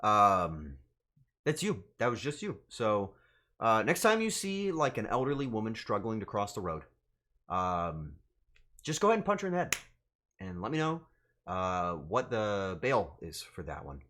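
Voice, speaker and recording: A man's voice: on the low side, wildly swooping pitch, a little slow, fairly bright tone. A male streamer in casual live-stream chat, flustered and swearing as he banters with his chat.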